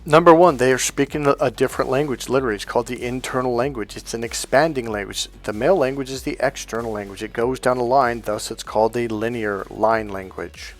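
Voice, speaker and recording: A man's voice: medium pitch, fairly quick, hardly any pauses, soft background music. A man giving a blunt, profane coaching monologue on dating, emphatic and acting out quoted lines.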